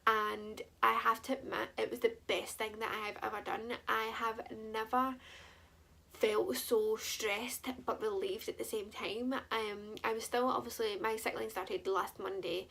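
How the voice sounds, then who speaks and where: A woman's voice: a little high, steady tone, unhurried, gravelly, bright, forceful tone. A young woman, chatting candidly and rambling in a personal vlog. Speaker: vlogger.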